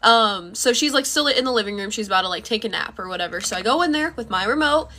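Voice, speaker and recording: A woman's voice: medium pitch, expressive, quick pace, pushed and bright. A young woman casually telling a storytime, chatty, full of fillers and swearing freely.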